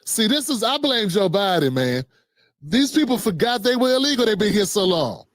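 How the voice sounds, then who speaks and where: A man's voice: high voice, sing-song, moderate pace, no echo, studio quality. A man hosting a live stream, giving sarcastic, joking commentary full of slang and stories.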